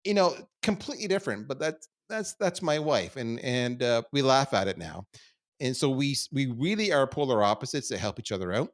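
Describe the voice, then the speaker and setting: A middle-aged man from Canada, a podcast guest, telling stories about his life in a candid, self-deprecating way that swings between quiet asides and loud bursts. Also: mid-range voice, big pitch swings, moderate pace. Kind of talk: candid conversational storytelling.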